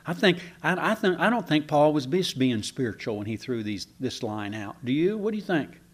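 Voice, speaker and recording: A man's voice: on the high side, very animated, moderate pace, slightly rough. A man preaching a conversational sermon, folksy and chatty, asking the congregation questions and restarting his sentences. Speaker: pastor.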